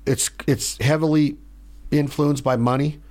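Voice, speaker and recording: A man hosting a podcast in a studio, telling stories in a rambling, animated way. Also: a little high, measured pace. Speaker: podcast host. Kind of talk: casual chat.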